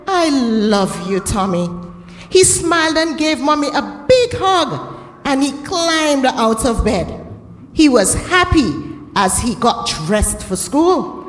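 A woman reads a children's story aloud, slow and gentle, her high voice swooping with expression. Her words echo around a roomy space with a long reverb. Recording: echoey, reverberant room.

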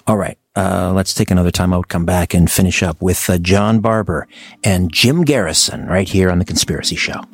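A man hosting a radio talk show, reading announcements in a halting way with many fillers. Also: deep voice, vocal fry.

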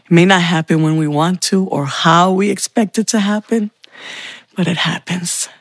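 A woman sharing a heartfelt personal faith testimony, telling her story slowly with pauses. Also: on the low side, fairly even intonation, no echo.

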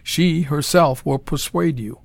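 A man voicing a cheerful, cruel male mad scientist who talks in a smooth, calm, condescending way. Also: a little high, a little slow, no room sound. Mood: coolly threatening.

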